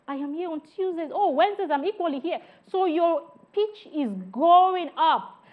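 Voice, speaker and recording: High-voiced woman teaching, phone-like sound. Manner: emphatic, demonstrates tones by example; addresses trainees directly. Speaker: customer service trainer. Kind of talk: training lecture.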